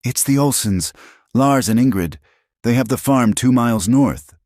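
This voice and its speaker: A man's voice: medium pitch, expressive, measured pace, darkish tone, no room sound, studio quality, pitched above the performer's own voice. A man voicing an earnest, determined widow running a frontier farm. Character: determined young widow rancher, warm.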